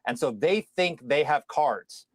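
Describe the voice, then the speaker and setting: Guy analyzing politics, slightly high voice, careful and deliberate, dry sound. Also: lively intonation, dry recording. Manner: deliberate, with restarts. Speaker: political commentator.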